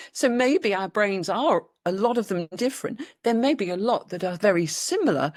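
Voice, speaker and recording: A middle-aged British woman, a podcast guest and author, telling her story in a casual interview with lively, acted-out quotes. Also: medium pitch, dry recording, clean studio sound. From Britain. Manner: animated storytelling, acts out quoted voices.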